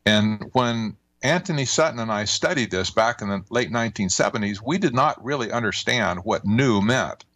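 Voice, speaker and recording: An older man talking as a guest author in a radio interview, measured and emphatic, with folksy turns of phrase. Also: on the low side, animated, a bit bright.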